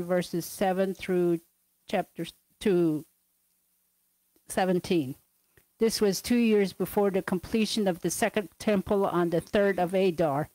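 A woman reading scripture passages and dates aloud over a video call, measured and careful. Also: lowish voice, mellow, dry recording, low-quality recording. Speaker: scripture reader.

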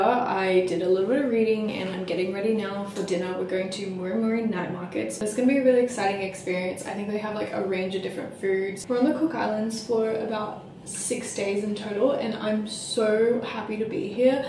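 A woman's voice: medium pitch, brisk, noisy background. Bubbly nasal young woman vlogging. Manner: bubbly, upbeat, lots of "like" and "so excited". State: nasal from a cold. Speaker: travel vlogger. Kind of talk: casual travel vlog chat.

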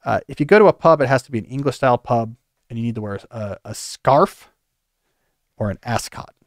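A man hosting a podcast, giving animated advice with playful joking asides. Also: medium pitch, brisk, no echo, studio quality. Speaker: podcast host.

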